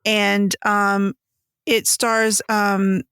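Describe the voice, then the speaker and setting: A woman hosting a podcast in casual chat, animated, acting out her own reactions as she talks. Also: medium pitch, extremely slow, clean tone, no echo, studio quality. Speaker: podcast host.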